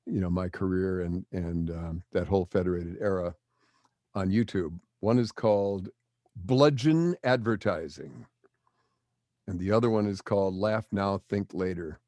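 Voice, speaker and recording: Older man, veteran broadcaster; deep voice, dry sound, lively storyteller. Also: a little slow, dry recording. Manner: animated storyteller acting out quotes. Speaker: guest, broadcaster. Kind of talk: storytelling interview.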